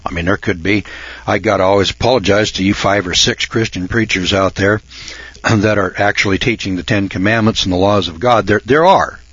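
A man in his sixties hosting a radio program, talking in a folksy, cocky monologue that swings from low mutters to loud shouts. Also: fairly quick, husky, no echo. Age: 60s. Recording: dull lo-fi dry recording.

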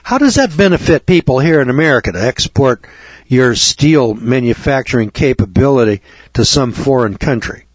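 A man with a husky voice hosts a talk radio show, ranting and firing off rhetorical questions. He needles his listeners with sarcasm. The broadcast sounds dull and lo-fi. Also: mid-range voice, expressive, moderate pace, no echo. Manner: sarcastic, addresses audience as kids. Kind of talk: radio monologue.

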